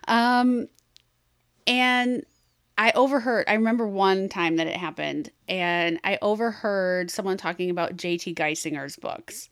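A woman's voice: medium pitch, unhurried, clear, resonant tone, no echo. Giggly, bawdy woman podcast host. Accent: American. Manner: bawdy, laughing, animated storytelling. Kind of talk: casual chat.

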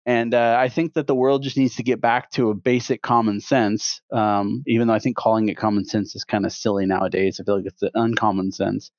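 A man's voice: lowish voice, flat delivery, brisk, few pauses, darkish tone, no room sound. A man in his thirties co-hosting a podcast, talking casually with a rambling, opinionated manner and many restarts. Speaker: podcast co-host. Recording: dull, dry podcast audio.

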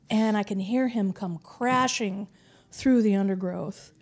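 A woman interview guest recounting a personal encounter, animated and full of "like" and "um". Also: mid-range voice, unhurried, husky. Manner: animated storyteller, frequent "like" and "um".

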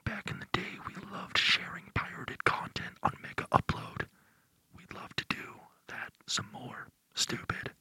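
A man's voice: a little slow, sharp tone, no room sound. A man voicing a crude, taunting hacker in whispered role-play. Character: male hacker gang member, taunting and crude.

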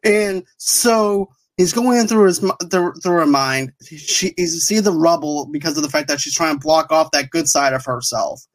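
A woman co-hosting a casual podcast, talking with excited fan enthusiasm. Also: low-pitched, normal speed, few pauses, poor audio. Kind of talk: casual chat.

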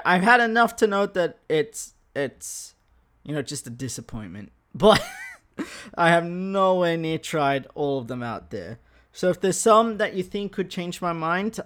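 A young Australian man hosting a podcast, ranting casually and profanely into a microphone with bursts of laughter. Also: fairly high pitch. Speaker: podcast host. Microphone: studio microphone.

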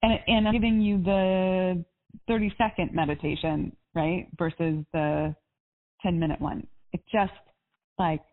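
A woman's voice: lowish voice, normal speed. A woman life coach on a coaching call, chatty and upbeat, with lots of casual fillers. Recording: tinny phone line.

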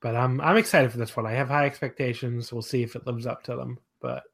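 A man's voice: medium pitch, fairly even intonation, fast, vocal fry, a bit bright. Enthusiastic male podcast host. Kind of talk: casual podcast chat about wrestling.

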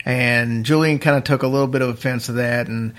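A man hosting a podcast, telling a story in a casual, rambling way, restarting his sentences and speeding up and slowing down as he goes. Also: mid-range voice, fairly even intonation. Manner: rambling, chatty, restarts sentences, uneven pace.

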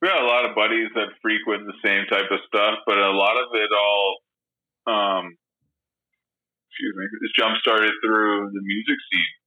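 Laid-back swearing man, low voice. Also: flat delivery, normal speed, lo-fi sound. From Long Island, New York. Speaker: guest, jewelry maker. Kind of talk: casual podcast conversation.

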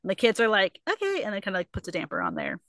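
A young adult woman co-hosting a casual book club podcast, retelling a story with lots of fillers and quick put-on quotes. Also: medium pitch, wildly swooping pitch, fairly bright tone, dry recording. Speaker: podcast co-host.

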